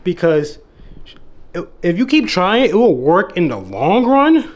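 A man's voice: high voice, big pitch swings, takes it slowly. A young man giving a casual, earnest motivational talk to his viewers, swearing freely and calling the listener bro, at times getting emotional. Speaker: dating and self-improvement YouTuber. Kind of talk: motivational monologue to camera.

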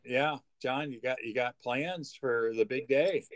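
A man's voice: mid-range voice, measured pace, no echo. A man co-hosting a casual chat, teasing dryly and often repeating and restarting words. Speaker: co-host. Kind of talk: casual banter.

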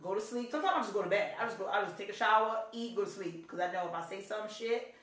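A woman's voice: medium pitch, fast, a bit bright, far from the mic. A woman talking casually as a podcast co-host, blunt and outspoken, cursing freely. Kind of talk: casual chat. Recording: echoey room, voice set back from the mic.

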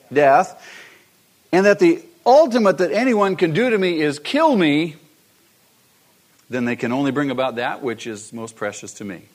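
A man preaching a sermon, repeating his key phrases and asking the congregation rhetorical questions. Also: on the high side. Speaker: pastor.

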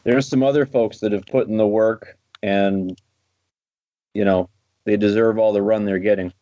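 A man co-hosting a podcast, speaking in a calm, measured, dry way in casual chat. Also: fairly low pitch. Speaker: podcast co-host. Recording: dull dry lo-fi mic.

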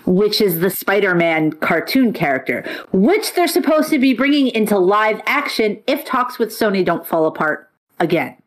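Chatty, excitable woman. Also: mid-range voice, normal speed, hardly any pauses. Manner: chatty, excitable, swears freely. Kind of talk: casual chat.

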